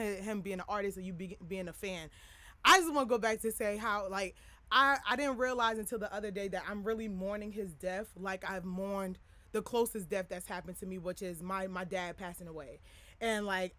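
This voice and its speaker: A young woman hosts her podcast in a loose, rambling way, leaning on filler words as she speaks candidly to listeners. Her voice is bright and forward, at a middle pitch, and it sounds dry and close with no room around it. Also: no echo. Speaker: podcast host. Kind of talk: candid personal talk to listeners.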